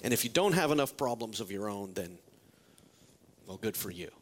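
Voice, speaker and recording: Lively, joking male pastor. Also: fairly low pitch, moderate pace, slight background noise. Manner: lively, joking, rhetorical questions. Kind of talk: sermon.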